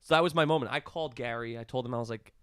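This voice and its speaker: Fast-talking man telling a story. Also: medium pitch, clean tone, no room sound. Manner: animated, acts out quoted dialogue. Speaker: guest, clinic staff member. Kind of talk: casual storytelling.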